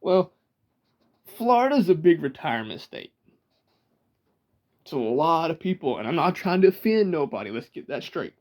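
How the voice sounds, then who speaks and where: A man's voice: a little high, big pitch swings, normal speed, long pauses, darkish tone. A man from Georgia with a Southern accent, talking casually to the camera and chatting about regional accents with rambling asides and laughs. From Georgia, USA.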